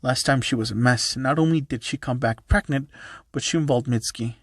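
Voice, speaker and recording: A man's voice: mid-range voice, a little fast, a bit bright, slightly rough, dry recording, studio quality. A man voicing a stern, bossy older grandmother who scolds bluntly, in a fan-made story reading.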